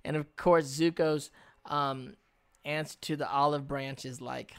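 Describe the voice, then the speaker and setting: A man's voice: a little high, fairly even intonation, a little slow, clean tone. Laid-back man narrating a TV recap. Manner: laid-back storytelling with playful sound effects. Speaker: podcast co-host. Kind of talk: casual TV recap chat.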